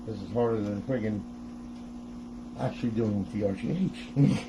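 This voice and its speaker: A man's voice: on the low side, moderate pace, background noise. A middle-aged man hosting a casual step-by-step tech tutorial, chatty and often laughing as he talks to viewers.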